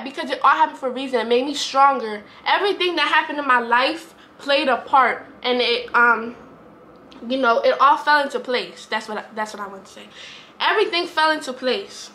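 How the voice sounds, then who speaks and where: Talking to camera with heartfelt sincerity, this vlogger rambles and keeps repeating herself in a casual way. She has a high-pitched, sharp-toned voice and speaks fairly quickly.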